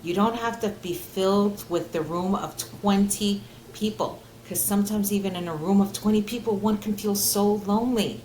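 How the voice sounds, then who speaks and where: A woman's voice: mid-range voice, moderate pace, hardly any pauses, a little mellow, a little hiss or hum. Earnest woman in an echoey room. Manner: earnest, heartfelt, with frequent fillers and restarts. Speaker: guest clinical social worker. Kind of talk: conversational interview. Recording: roomy echo.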